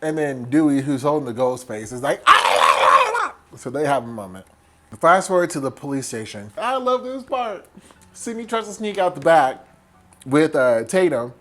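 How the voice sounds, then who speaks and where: A tipsy man retelling a horror film as a comedy recap, animated and profane, jumping into quick impressions of the characters. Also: mid-range voice, noisy background. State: tipsy from wine. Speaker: host.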